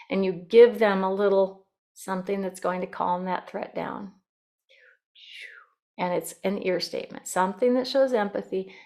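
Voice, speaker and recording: A woman presenting a workshop in a casual, demonstrative way, acting out sample phrases as she teaches. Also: mid-range voice. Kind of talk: instructional workshop talk.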